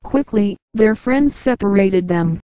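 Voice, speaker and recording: A woman reading a novel aloud as an audiobook narrator, in a measured, even way, dropping lower for the men's lines. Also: clean tone, no echo, low-quality recording. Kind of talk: audiobook narration with light character voices.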